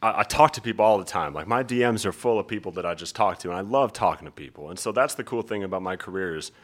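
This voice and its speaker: A man's voice: on the low side, fast. A laid-back, talkative man chatting as a guest in a casual interview about his work. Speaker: guest, ring announcer.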